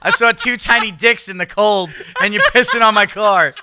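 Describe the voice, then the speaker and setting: A man with a very bright, forceful voice that sounds smooth and crisp. He chats casually on a podcast, teasing his friend and laughing often. The sound is dry and close, with little room echo. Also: high voice, moderate pace. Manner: laughs often, teasing storyteller, swears freely. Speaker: podcast co-host. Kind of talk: casual chat.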